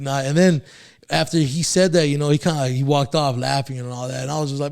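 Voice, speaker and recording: A man with a gravelly, creaky voice sits as a podcast guest and tells his own story in a laid-back way. He swears freely, chuckles now and then and often restarts his sentences. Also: a little high, steady tone, fast, a little mellow. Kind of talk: casual storytelling about his life.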